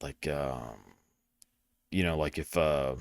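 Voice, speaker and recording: A man's voice: very deep voice, takes it slowly, clean tone, no echo, clean studio sound. A young man with a Southern US accent hosting a show, rambling casually, swearing a lot and making fun of himself. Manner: crude, rambling, self-deprecating, swears a lot. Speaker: podcast host. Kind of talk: casual monologue.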